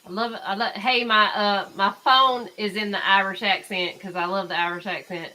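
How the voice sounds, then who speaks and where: A woman's voice: mid-range voice, steady tone, moderate pace, bright, forceful tone, low-quality recording. A woman hosting a livestream, chatting casually with her viewers as she comments on a trial. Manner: chatty, talks over the played audio. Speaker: livestream host.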